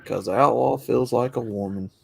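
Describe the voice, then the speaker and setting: A man's voice: medium pitch, normal speed, vocal fry, a little mellow, slightly rough, dry recording. A young man chatting casually as a guest, laid-back and noncommittal, with a chuckle here and there. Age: young adult. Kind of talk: casual chat.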